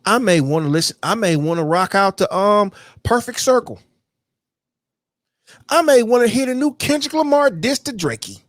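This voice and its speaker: A man's voice: high-pitched, animated, normal speed, no echo, studio quality. A man hosting his own podcast, ranting bluntly and with a lot of profanity about a complaining coworker, and now and then mocking people in a whiny voice. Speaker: podcast host. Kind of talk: casual rant monologue.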